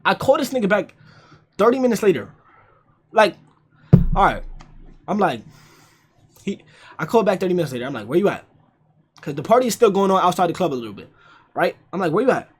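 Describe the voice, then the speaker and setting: A young man telling a story casually on a livestream, animated and profane, repeating lines for emphasis. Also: sits high, a little fast, long pauses, slightly rough. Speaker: streamer.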